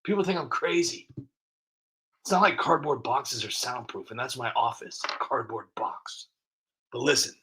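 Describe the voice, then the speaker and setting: A man's voice: medium pitch, animated, measured pace, bright, forceful tone, breathy edge. A man doing a rambling, self-mocking comic monologue as a content creator. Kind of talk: comedic monologue. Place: cardboard box used as an office.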